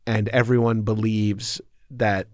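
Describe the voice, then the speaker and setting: A man from Long Island, New York, appears as a podcast guest and tells a story in loose, rambling chat, swearing and laughing often. His voice is fairly low, with a flat delivery and slow pace. The recording is dry and studio quality.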